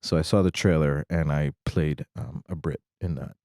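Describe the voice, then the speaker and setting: A middle-aged man from Barbados, telling stories as a podcast guest, animated and often laughing. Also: rumbling low, normal speed, no echo, clean studio sound. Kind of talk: casual storytelling chat.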